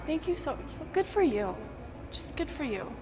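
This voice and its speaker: A woman's voice: high voice, big pitch swings, moderate pace, music in the background. A woman in a comedy sketch, gushing and overly polite. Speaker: sketch actor.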